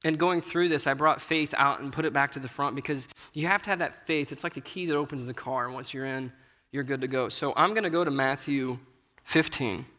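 A man's voice: medium pitch, fairly quick, sharp tone. Earnest man preaching in a reverberant hall. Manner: earnest, conversational, reads scripture aloud with rising emphasis. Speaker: lay preacher. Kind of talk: informal sermon with scripture reading.

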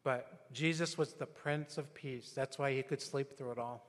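A man's voice: medium pitch, fairly even intonation, moderate pace. Man preaching in an echoing church. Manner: conversational preaching with anecdotes and acted quotes. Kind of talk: sermon. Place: church sanctuary. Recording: long hall reverb.

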